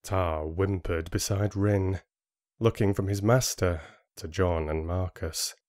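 A man reading an audiobook in a steady storytelling manner into a close studio mic. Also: low-pitched, slow, no echo. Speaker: audiobook narrator. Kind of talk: scripted audiobook narration.

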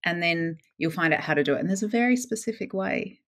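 A woman co-hosting a podcast in casual chat, laughing often and talking quickly with fillers. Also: lowish voice, lively intonation. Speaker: podcast co-host.

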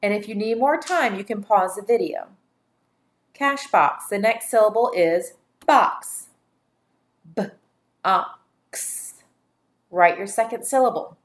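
A woman teaching a phonics dictation lesson, speaking deliberately and sounding out each syllable for young learners. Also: medium pitch, animated.

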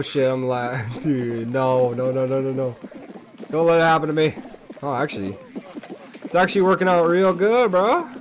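A young man hosting his gaming channel, cursing his way through gameplay commentary that swings from mumbled asides to yelling outbursts. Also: medium pitch, a little hiss or hum.

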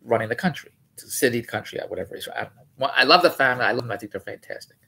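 There's slight background noise as a male vlogger with a mid-range, expressive voice races through his take on a news article, his tone sharp and marked by vocal fry. He rambles, digresses, and corrects himself, mocking the story in disbelief.

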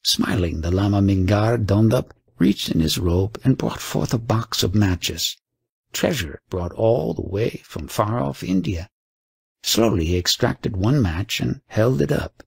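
A man narrating an audiobook in a measured, storytelling way. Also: on the low side, expressive, vocal fry, darkish tone, husky, no echo, clean studio sound. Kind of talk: audiobook reading.

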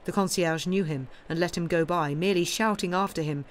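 A woman reading a classic novel aloud on a live stream, with expressive, steady narration. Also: on the low side, brisk. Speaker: audiobook reader.

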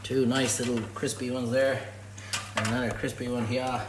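Jokey Irish chef in an echoey kitchen. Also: male voice, medium pitch, level tone, normal speed, noisy background. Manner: jokey banter, reading out viewer comments. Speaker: chef hosting a live cook-along. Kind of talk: live-streamed cooking demonstration. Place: home kitchen.

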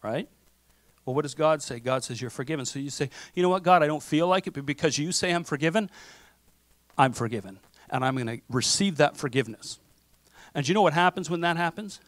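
A man's voice: fairly high pitch, expressive, brisk, no echo. A man preaching a sermon as pastor in a conversational way, often checking in with "okay?" and acting out what people say to themselves. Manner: conversational preaching with frequent "okay?" and acted self-talk. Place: church sanctuary.

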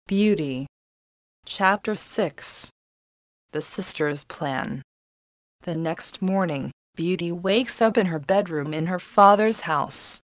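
Lady reading a learner story really slow, lowish voice, dry close sound. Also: no echo. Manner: slow, clear graded-reader pacing. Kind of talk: scripted narration for learners.

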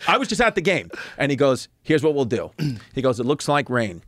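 A man in his thirties, a comedian and podcast guest, telling a story in casual chat, animated and profane, acting out other people's lines as he goes. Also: mid-range voice, a little fast, no echo, studio quality. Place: podcast studio.

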